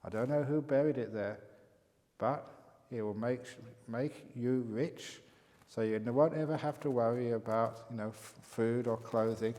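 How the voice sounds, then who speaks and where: A man voicing a kind, wise old male monk, speaking low and gently, as he tells a story in a sermon. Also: a little slow, close to an everyday voice. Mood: gentle. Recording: long hall reverb.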